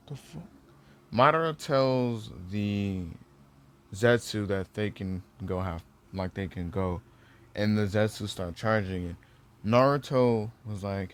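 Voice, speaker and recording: A man's voice: on the low side, slow, long pauses, smooth. A young man casually retelling a fan-made ninja story, rambling with lots of fillers and restarts.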